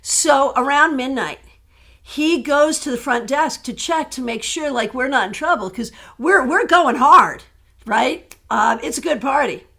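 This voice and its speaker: A woman tarot reader chatting casually on a live stream, answering viewer questions in an animated way that breaks into laughter. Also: high voice, measured pace, vocal fry.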